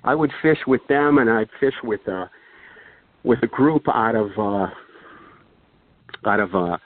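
In a dry, thin, phone-like recording with no room sound, an older guest storyteller rambles through a long casual anecdote, packed with fillers and restarts. His medium-pitched voice has lively intonation and runs a little slow.

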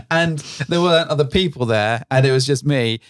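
A man co-hosts a casual podcast, his voice sitting at an ordinary middle pitch. He tells stories in a rambling way, correcting himself and laughing often. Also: moderate pace. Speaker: podcast co-host. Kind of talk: casual chat.

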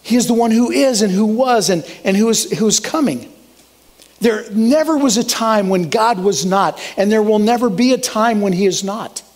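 A man's voice: sits high, moderate pace. A man pastor preaching a sermon in an earnest, emphatic way, rising for exclamations.

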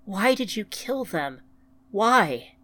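A woman's voice: medium pitch, very animated, slow, bright, forceful tone, full character voice. A woman voicing a grieving female android, her voice shaking as she pleads. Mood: pleading.

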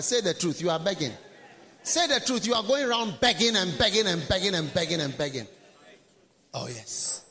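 A man preaching a sermon at a pastors' conference, emphatic and repetitive, with dramatic swings between quiet and shouted lines. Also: sits high, lively intonation, moderate pace, in a large hall. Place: large conference hall.

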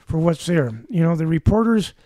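A man in his seventies with a high, mellow voice tells rambling stories with a dry sense of humor. He sounds close to the mic in a dry, dead room. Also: fairly quick, no room sound. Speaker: guest, former backcountry ranger. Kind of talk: casual storytelling.

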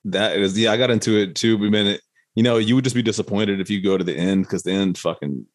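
A man with a fairly low voice hosts a casual podcast. He talks in a relaxed way and drops swear words freely. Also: fast. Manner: laid-back, swears freely. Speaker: podcast host. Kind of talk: casual chat.

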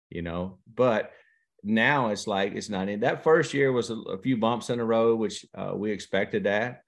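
Fifties guy, low creaky voice, drawling casual interview chat, tells stories. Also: measured pace. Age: 50s. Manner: folksy storyteller, drawling, quotes others in conversation. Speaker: guest angler.

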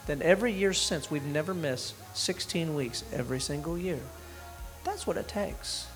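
A fairly high-pitched middle-aged man speaks at a moderate pace while leading an informal sermon and prayer at a dinner event, with music playing behind him. His delivery is rambling and conversational, full of restarts, and he becomes emotional, tearing up.

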